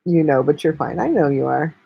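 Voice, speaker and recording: A woman's voice: low-pitched, lively intonation, fairly quick, vocal fry, husky, muffled recording. A woman hosting a casual live stream, talking bluntly and chattily with lots of swearing. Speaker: livestream host.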